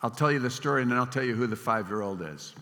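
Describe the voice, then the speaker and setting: An older man preaching a sermon in a storytelling manner, swinging between emphatic lines and hushed ones. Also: mid-range voice, quick pace. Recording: long hall reverb.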